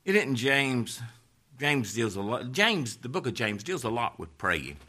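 A man preaching a sermon, rising to loud fervent peaks and dropping to hushed, low emphasis. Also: sing-song, measured pace.

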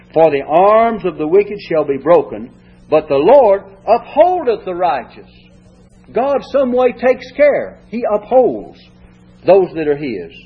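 A man's voice: a little high, breathy edge. A man preaching a sermon, reading scripture and explaining it in folksy, homespun words. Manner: folksy, retells stories in plain homespun words. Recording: dull lo-fi recording.

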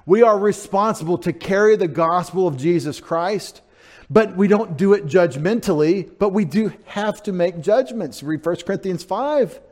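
Preaching a sermon, a male pastor sounds animated and conversational, his voice sitting high at a moderate pace. He swings between loud emphasis and quiet asides, sounds out Greek words and slips in jokes.

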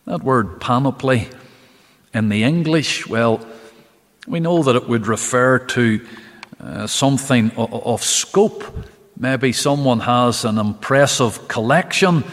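A man preaching a midweek Bible study to a camera in an empty church, slow and emphatic, lifting his voice on key phrases. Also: medium pitch. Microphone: camera recording for online viewers. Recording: long reverb in an empty church.

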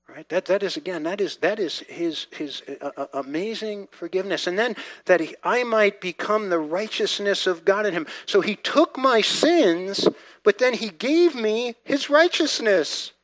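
A man delivers a sermon in a fairly high voice, hammering points through repetition. He sinks to near-hushed lines, then climbs to loud, urgent bursts. The sound is dry, with no room around it. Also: normal speed, no echo. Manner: emphatic, repetitive, swings between quiet and loud. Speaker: pastor.

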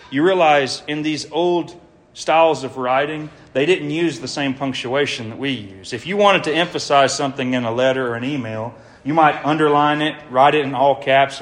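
A man preaches an evangelistic sermon to his congregation. His voice sits at an ordinary middle pitch, and he speaks earnestly and emphatically, often asking his listeners rhetorical questions.

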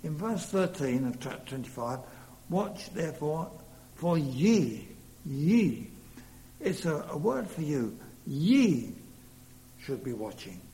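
A man's voice: fairly high pitch, very animated, normal speed, dark tone. A man preaching a sermon earnestly, leaning hard on key words. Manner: earnest, rising to emphatic stresses. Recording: long reverb in a hall, faint hum.

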